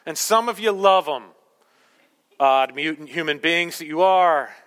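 Male pastor, fairly high, bright voice, conversational sermon with jokes, long hall reverb. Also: measured pace. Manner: conversational, self-deprecating humor.

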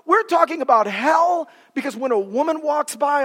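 High-pitched guy preaching a sermon, super animated, does voices for quotes, long echo like a big church hall. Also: moderate pace. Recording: long reverb of a large hall.

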